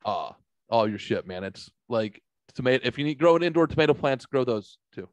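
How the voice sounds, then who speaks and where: A man's voice: medium pitch, animated, a little fast, dry recording. A middle-aged man from the St. Louis area, hosting a podcast and telling a story in casual, profanity-filled chat. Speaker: podcast host.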